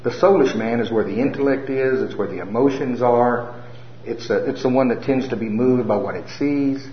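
A man's voice: mid-range voice, normal speed, slight background noise. Folksy, humorous man preaching a sermon. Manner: folksy, humorous, animated storytelling. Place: church hall with a live audience. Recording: roomy, slightly dull sound.

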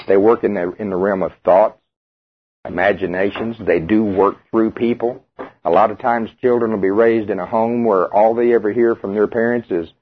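Husky preacher on tinny radio. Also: male voice, lowish voice. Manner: conversational, asks the congregation questions. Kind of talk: sermon.

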